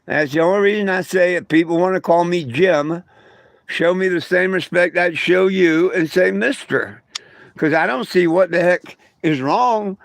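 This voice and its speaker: A man's voice: sits high, gravelly, no room sound. An older retired man talking to his viewers in a blunt, crude, folksy way, telling stories and snapping back at commenters. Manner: folksy storyteller with homespun grammar. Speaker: vlogger. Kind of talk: casual rant to camera.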